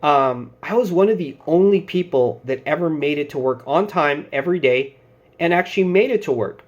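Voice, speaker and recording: A man in his thirties with a higher-pitched voice hosts a security channel, giving relaxed advice to camera at normal speed. He tells stories loosely, acting out quoted bosses and coworkers, and the audio sounds dull.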